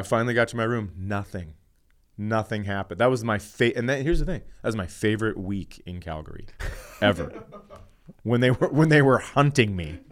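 A man, a comedian co-hosting a podcast, telling a story in a casual, profane way and laughing as he talks. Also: fairly low pitch. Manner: animated, profane storytelling, often laughing mid-sentence.

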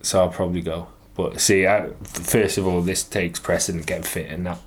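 A man's voice: low voice, fairly quick, slight background noise. A man with a Manx accent, chatting as a guest on a call, telling stories animatedly and swearing a lot. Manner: animated storytelling with lots of swearing. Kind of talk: casual chat.

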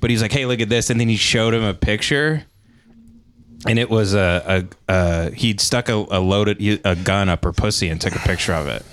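A man, a comedian guest on a podcast, telling a crude anecdote in a halting way, with many fillers and restarts. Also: lowish voice, a bit bright.

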